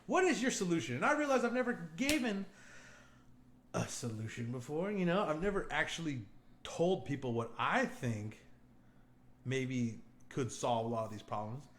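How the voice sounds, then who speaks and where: A man's voice: medium pitch, sing-song, moderate pace, fairly bright tone, slight background noise. A young man co-hosting a podcast, talking in a loose, profane, rambling way. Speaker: podcast co-host. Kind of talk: casual podcast chat. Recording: echoey room, faint ambience.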